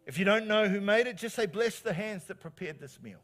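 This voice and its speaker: A middle-aged man, preaching a sermon as pastor in an animated, encouraging way, repeating phrases for emphasis. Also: high-pitched, a little fast, soft background music. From New Zealand.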